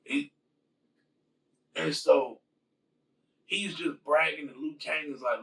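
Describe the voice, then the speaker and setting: A man casually retelling a film's plot in his own words, halting with fillers and restarts as he quotes the characters. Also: a little high, creaky, sharp tone, distant mic, poor audio. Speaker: host retelling a film plot. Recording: voice from away from the mic.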